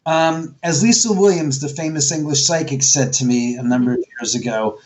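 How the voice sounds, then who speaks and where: A man's voice: on the high side, normal speed, a little mellow. A man being interviewed as a guest, talking bluntly with plenty of swearing and acting out quotes as he tells his stories. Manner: blunt, profane, storytelling with acted quotes. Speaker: guest, haunted house owner. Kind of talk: animated interview talk.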